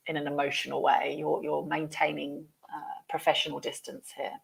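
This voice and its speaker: A woman's voice: low-pitched, level tone, normal speed, gravelly, breathy edge. A woman teaching business English, explaining phrases patiently.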